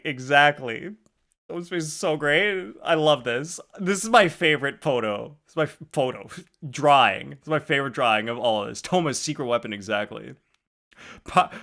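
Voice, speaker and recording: A man's voice: a little high, pushed and bright. A young man streaming live, reading chat aloud and joking about his drawings with crude humor and frequent laughter.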